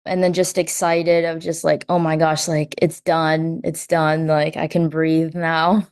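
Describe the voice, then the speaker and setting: Young adult woman, low-ish pitch, chatty with constant "like", re-enacts quotes. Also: unhurried, smooth. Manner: says "like" constantly, quotes herself and others in lively bursts. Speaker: guest. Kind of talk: personal story in an interview.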